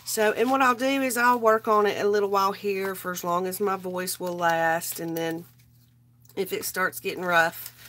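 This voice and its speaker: A woman's voice: medium pitch, a bit bright. Woman, craft live host, sick and strained, loose chatty rambling. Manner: rambling, greets viewers by name. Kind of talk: casual live chat while crafting.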